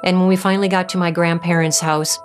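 A woman giving a personal faith testimony, earnest and halting, often restarting her sentences. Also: on the low side, flat delivery, music in the background. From Southern California. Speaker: testimony speaker.

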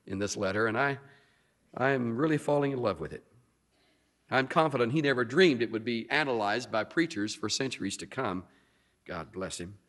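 A man's voice: mid-range voice, fairly bright tone. A man preaching an expository sermon, drawing out key words for emphasis. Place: church sanctuary. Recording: long reverb of a hall.

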